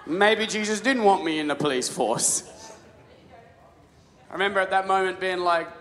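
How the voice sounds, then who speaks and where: A man's voice: high-pitched, moderate pace, long pauses, fairly bright tone. A man preaching a sermon, telling stories casually with many restarts and repeated words. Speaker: pastor. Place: large church hall. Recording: live sermon with long hall reverb.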